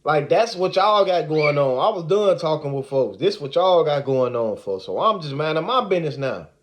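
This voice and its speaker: A man telling a story in a casual, animated, slang-heavy way, repeating the same filler words. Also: on the high side, normal speed.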